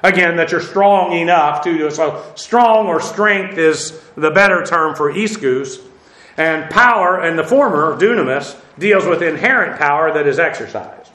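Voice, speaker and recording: Bright-voiced man lecturing in an echoey room. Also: fairly high pitch, lively intonation, unhurried. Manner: thinking aloud with fillers, corrects himself. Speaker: Bible teacher. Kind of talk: classroom lecture.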